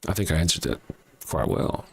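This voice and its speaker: A man's voice: extremely low pitch, lively intonation, a little fast, vocal fry, slightly rough. Older Southern man, blunt and profane. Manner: blunt, profane, chuckles often. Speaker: livestream host. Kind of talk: casual livestream chat, reading viewer comments.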